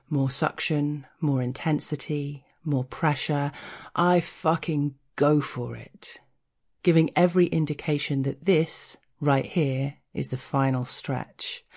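Low-voiced woman narrating an erotic story. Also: darkish tone. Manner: slow, deliberate, teasing, dropping at times to a whisper.

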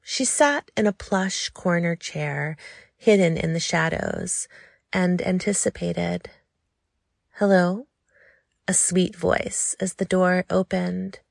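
A woman narrating an audiobook in a slow, intimate, low-key reading. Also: creaky, no echo, clean studio sound.

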